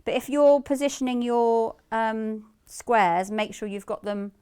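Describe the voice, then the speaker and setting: In a TV studio, a woman demonstrates sewing live for shopping TV, walking through each step chattily and laughing easily. Her voice is a little high and a little slow, with a mellow, clear, resonant tone.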